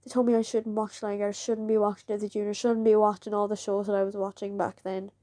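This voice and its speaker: A woman's voice: mid-range voice, little pitch movement, quick pace, warm tone, no echo. A woman, telling a personal story in a candid, chatty way and laughing often. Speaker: vlogger.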